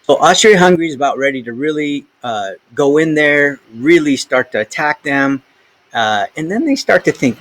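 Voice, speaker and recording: A man's voice: a little high, expressive, moderate pace, a bit bright, rough recording. A man teaching a history lesson to students, conversational and full of asides and filler words. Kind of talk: recorded classroom history lesson.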